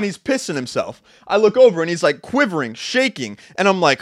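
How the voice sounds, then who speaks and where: A man's voice: on the high side, very animated, fast talker, hardly any pauses, dry recording, clean studio sound. Fired-up, swearing motivational man. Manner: intense, profane, preachy with bursts of shouting. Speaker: podcast host. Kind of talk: motivational monologue. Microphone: two cameras, podcast mic.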